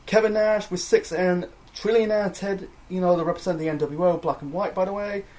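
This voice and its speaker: Young male reviewer, slightly raised pitch, loose rambling delivery, lots of "you know" and restarts. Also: steady tone, a little fast, a little mellow. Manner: rambling, many fillers and self-corrections. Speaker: wrestling review host. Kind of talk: casual solo review chat.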